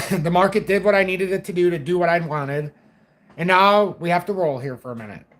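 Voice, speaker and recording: A man's voice: high voice, a little fast, fairly bright tone. A young man giving loose, rambling, profane crypto market commentary on his own stream.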